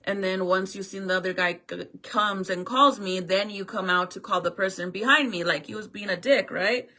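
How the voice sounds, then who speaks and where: A woman's voice: mid-range voice, sharp tone. A woman telling a storytime in a casual vlog rant, swearing and acting out both sides of the talk. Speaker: vlogger.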